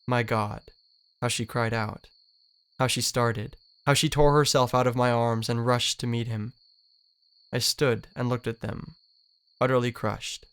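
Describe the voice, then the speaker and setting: A man's voice: medium pitch, close to an everyday voice. A man reading as a wistful young dreamer. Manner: earnest, wistful literary reading. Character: lovesick lonely young male dreamer. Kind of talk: dramatic reading of a novel.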